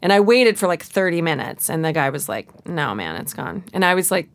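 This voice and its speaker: A woman's voice: fairly low pitch, quick pace. A woman guest in casual conversation who tells chatty stories dramatically, acting out quotes. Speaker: guest, singer. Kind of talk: casual chat.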